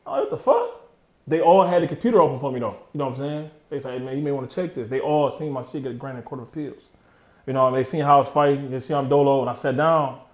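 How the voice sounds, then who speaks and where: He's a fast talker with a mid-range voice and steady tone, a man in his 30s appearing as an interview guest. Recorded in an echoey room, he candidly relates his story in streetwise slang, often drifting off mid-thought.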